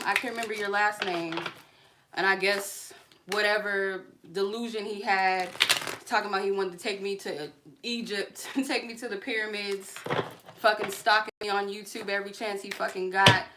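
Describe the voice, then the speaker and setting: Woman, channel host, live stream rant, angry, swearing, confrontational, steady background noise. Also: mid-range voice, normal speed. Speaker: tarot card reader and channel host.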